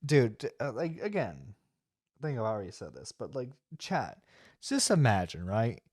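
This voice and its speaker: A man's voice: mid-range voice, very animated, moderate pace, a little mellow, husky, dry recording, studio quality. A man reacting to a livestream clip, laughing and mocking crudely for his chat. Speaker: streamer reacting to clips. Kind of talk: reaction commentary.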